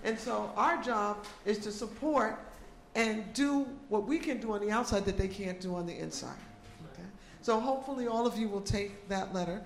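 A woman's voice: mid-range voice, normal speed, creaky, slight background noise. Organizer woman in an echoey room. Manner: conversational, checks in with the audience. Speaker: community organizer. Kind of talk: addressing a meeting. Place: meeting room.

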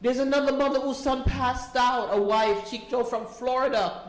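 A woman's voice: high voice, normal speed. A middle-aged woman giving an emotional personal testimony at a community meeting, pleading and repeating herself as she talks. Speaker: volunteer speaking at a community meeting. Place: meeting room. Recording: echoey meeting room.

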